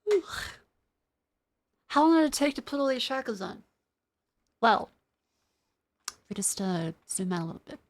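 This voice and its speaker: A woman's voice: a little high, big pitch swings, a little slow, long pauses. A young adult woman streamer chatting casually and rambling, with many fillers and some swearing, while testing tracking gear. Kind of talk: casual live-stream chat.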